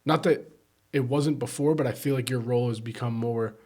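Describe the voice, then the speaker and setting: A man co-hosting a casual business podcast, mostly agreeing and thinking out loud. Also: mid-range voice, brisk. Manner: gives short agreeing backchannels, thinks out loud. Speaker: podcast co-host, employee.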